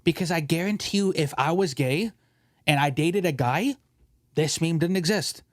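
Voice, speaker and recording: A man's voice: a little high, normal speed, no room sound, studio quality. A man hosting a casual podcast, ranting and joking with his co-host, often mimicking other people's voices.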